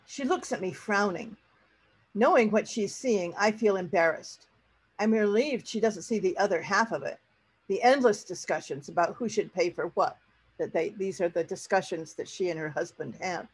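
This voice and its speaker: Husky woman reading a story to learners. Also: mid-range voice, poor audio. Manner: pauses to explain words to learners. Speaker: teacher. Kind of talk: reading a story aloud to a class.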